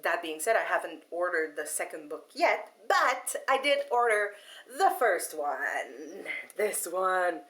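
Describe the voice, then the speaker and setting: Animated woman telling a story. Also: on the low side, slow pace. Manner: animated, laughing, frequent fillers and restarts. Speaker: vlogger. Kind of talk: casual storytelling to camera.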